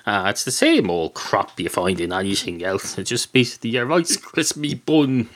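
A man with an Irish accent hosting a podcast, telling a rambling, deadpan comic monologue full of swearing and digressions. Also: lowish voice, normal speed. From Ireland. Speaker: podcast host.

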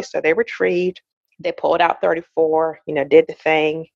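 A woman in her forties, a podcast guest, telling a personal story in a lively way and acting out the voices of the people in it. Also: low voice, normal speed, creaky, no echo, highs cut off. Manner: animated storyteller, acts out quoted voices, laughs often. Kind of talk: casual interview storytelling.

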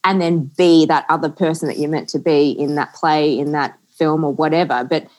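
A woman's voice: low voice, steady tone, normal speed, a little mellow. A woman hosting a podcast in casual chat, eagerly agreeing with her guest and explaining her points with lists of examples. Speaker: podcast host.

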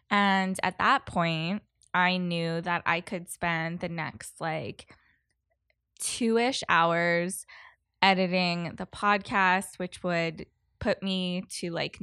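A woman's voice: lowish voice, a bit bright, clear, resonant tone, dry recording, studio quality. A woman hosting her own podcast, chatting casually and rambling a little, with a froggy morning voice. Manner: rambling, chatty, self-correcting. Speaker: podcast host. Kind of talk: casual solo podcast intro.

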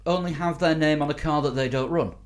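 A man's voice: on the high side, fast talker. A man co-hosting a casual chat, teasing the others. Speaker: podcast co-host.

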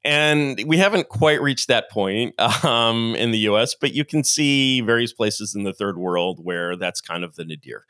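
A middle-aged man, a podcast guest, explains his ideas at length in an animated, lecturing way and acts out quotes as he goes. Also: mid-range voice, a little slow, few pauses, dry recording, clean studio sound. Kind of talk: long-form interview monologue.

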